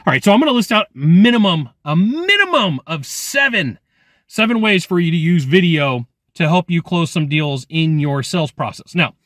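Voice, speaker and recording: High-voiced animated male sales trainer. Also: normal speed, no room sound, clean studio sound. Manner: animated, emphatic, acts out quoted reactions. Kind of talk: energetic direct-to-camera sales training.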